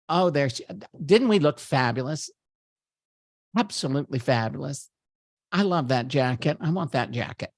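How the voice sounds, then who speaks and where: A man's voice: on the high side, a bit bright, no echo, clean studio sound. A man putting on a campy male comedian's voice while hosting a party and gushing over a photo slideshow. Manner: gushing, giggly, chatty asides. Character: campy middle-aged male comedian impression. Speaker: party host. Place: virtual party at home.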